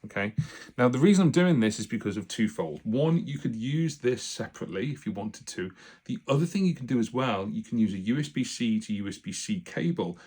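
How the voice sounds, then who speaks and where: A man's voice: mid-range voice, lively intonation, fairly quick, darkish tone, breathy edge. A British man giving a casual, rambling step-by-step demonstration of recording gear at a table indoors, picked up by a phone and a small stereo recorder. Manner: chatty, rambling, explains step by step. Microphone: phone mic and small stereo recorder.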